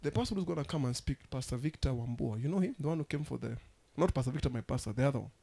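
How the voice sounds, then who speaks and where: A man preaching a sermon as pastor, emphatic and rousing, with sudden loud outbursts. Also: mid-range voice, lively intonation, racing, gravelly, breathy edge.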